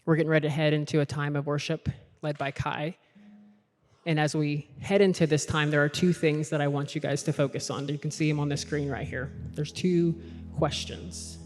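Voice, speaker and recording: A man's voice: fairly high pitch, little pitch movement, moderate pace. A man giving an earnest sermon at a leadership event, repeating his invitations as the talk builds. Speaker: conference speaker. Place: large hall with a worship team. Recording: long hall reverb, faint music behind.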